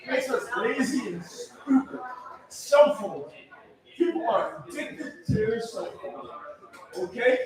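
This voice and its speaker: A rowdy man with a very high voice works a stand-up set at an open mic, often laughing at his own jokes. He sounds far from the mic in a very echoey room, with a crowd murmuring behind him. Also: animated, takes it slowly. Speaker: stand-up comedian. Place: comedy club stage.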